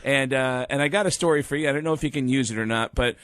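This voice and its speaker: A man who is a comedian guest on a podcast, telling lively anecdotes and acting out the voices of people he quotes. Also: mid-range voice, quick pace, no echo. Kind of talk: podcast storytelling. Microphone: studio microphone.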